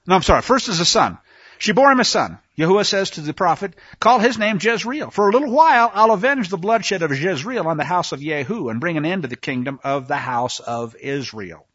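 A man preaching a sermon, reading scripture aloud and commenting with sarcastic asides, swinging between hushed passages and shouts. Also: high voice, lively intonation, a little fast, breathy edge, dry recording, muffled recording.

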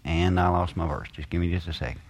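A man leading a Bible study, drawing out quoted verses slowly and giving asides to a helper. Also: low-pitched, steady tone. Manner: slows and stresses quoted scripture, asides to a helper. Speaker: Bible teacher.

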